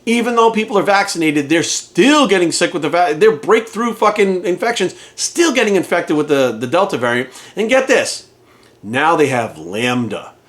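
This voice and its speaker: A fitness trainer and coach rants to camera in a high, sing-song, slightly bright voice at a moderate pace. He's heated and profane, driving home each point emphatically by repeating phrases for force.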